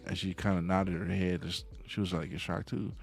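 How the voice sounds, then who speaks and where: Gravelly low-voiced guy rambling through a late-night stream story, gets fired up about right and wrong, faint music behind. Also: flat delivery, moderate pace. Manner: meandering, gets worked up about morals. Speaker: livestream host. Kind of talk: casual storytelling to viewers. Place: home at night.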